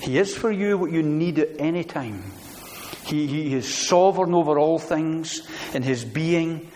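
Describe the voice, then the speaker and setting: A middle-aged man preaching a sermon, earnest, building to loud emphatic declarations with repeated phrases. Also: on the high side, unhurried. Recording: long reverb of a church hall.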